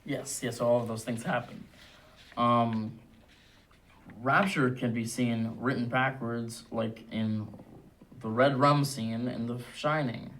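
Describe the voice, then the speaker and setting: A man co-hosting a movie review show, reading trivia in a low-key way with brief dry replies. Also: steady tone, slow, fairly bright tone, slight background noise, low-quality recording. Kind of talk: casual movie review chat.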